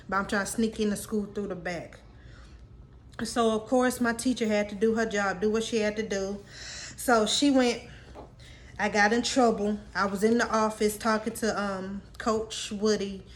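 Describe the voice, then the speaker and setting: A woman's voice: medium pitch, slight background noise. A woman in her late twenties telling a personal story to her viewers in a candid, casual, slang-filled way. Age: late 20s. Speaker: vlogger.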